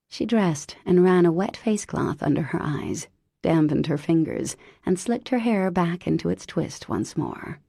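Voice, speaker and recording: A woman narrating a romance audiobook in a wry, expressive way. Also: fairly low pitch, measured pace, gravelly, husky, dry recording, studio quality. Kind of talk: scripted narration.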